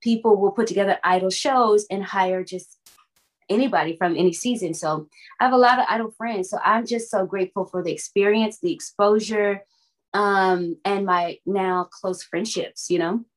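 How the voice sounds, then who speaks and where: A woman singer from Florida, telling lively, dramatic stories in an interview and calling the listener "honey". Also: mid-range voice, normal speed. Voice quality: expressive, calls the listener "honey". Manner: lively, dramatic, laughs often. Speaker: singer and guest. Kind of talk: animated interview storytelling.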